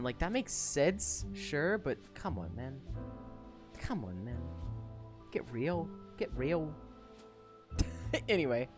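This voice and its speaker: A young woman recaps a story on a casual livestream, her pitch leaping around in a lively, animated way. She swears freely, giggles often and rambles through fillers. Soft music plays faintly behind her. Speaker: streamer discussing a web serial.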